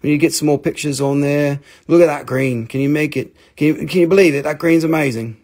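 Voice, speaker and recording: An American man hosting a live sales stream, talking in an excitable, rambling way with casual swearing. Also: a little high, fast talker. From United States.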